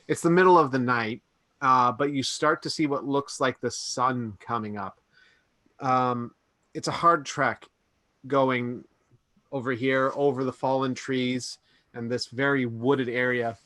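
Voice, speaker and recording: A man serves as game master for a tabletop session, talking casually with frequent fillers and restarts. His voice sits at an average pitch, recorded dry with no room sound. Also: fairly even intonation, a little slow, bright, forceful tone, no echo. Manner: casual, hesitant narration with fillers. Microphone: home microphone on a stream.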